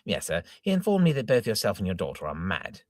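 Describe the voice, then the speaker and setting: A man reading a formal young gentleman suitor. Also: lowish voice, wildly swooping pitch, no room sound, studio quality. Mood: explaining. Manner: formal, courteous, measured.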